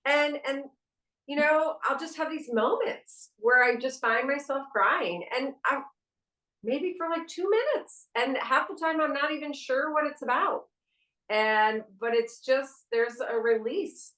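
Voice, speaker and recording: Podcast co-host, woman, middle-aged, candid and salty, bright tone, roomy echo. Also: high voice, a little slow. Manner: candid, frank, swears casually. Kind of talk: casual spiritual podcast chat. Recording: echoey room.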